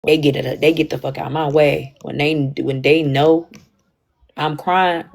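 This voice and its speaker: A young woman with talks frankly on a casual livestream. Her voice sits low, and she circles back over her words and restarts often. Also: steady tone, a little slow, gravelly, darkish tone, a little hiss or hum. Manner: candid, repetitive, emphatic with frequent restarts. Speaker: livestream host.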